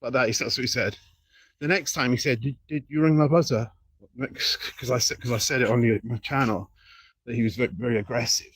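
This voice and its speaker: A man chatting casually on a livestream outdoors beside an apartment building, rambling and repeating himself insistently with halting restarts. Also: mid-range voice, fairly even intonation, a bit bright, breathy edge, dry recording.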